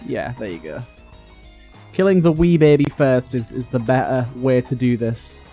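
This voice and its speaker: A man from the UK giving casual, sweary commentary while playing a video game, complaining loudly and chatting to his viewers. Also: mid-range voice, expressive, moderate pace, soft background music. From United Kingdom. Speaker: gaming YouTuber. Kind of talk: casual let's-play commentary.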